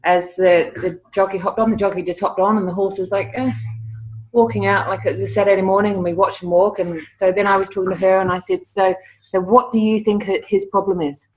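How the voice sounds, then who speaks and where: A middle-aged woman, a guest telling stories in a casual interview, lively and often repeating words as she starts a sentence. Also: mid-range voice, brisk. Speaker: interview guest, animal communicator.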